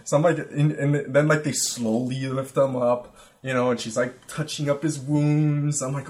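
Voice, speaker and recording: A young man in an easygoing podcast chat, spinning a rambling, profane story full of "like" and "you know". His pitch sits in the middle range. He slips in quoted voices as he goes. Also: fairly even intonation, normal speed, a little mellow. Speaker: podcast guest.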